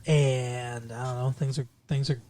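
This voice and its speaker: A man's voice: mid-range voice, steady tone, unhurried, darkish tone. A man hosting a podcast, talking in a loose, casual chat. He jokes and teases, keeping a dry running gag going. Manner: joking, teasing. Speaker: podcast host.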